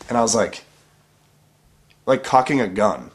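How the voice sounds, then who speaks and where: A man telling a story in a casual interview in an animated, profane way, laughing as he goes. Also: fairly low pitch, fairly quick, pauses often.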